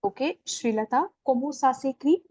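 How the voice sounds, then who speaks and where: A woman's voice: high-pitched, expressive, darkish tone, dry recording. A woman with an Indian English accent teaching a beginners' French class, patiently explaining and quizzing students. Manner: patient, explains slowly, asks questions and corrects. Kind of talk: online language class.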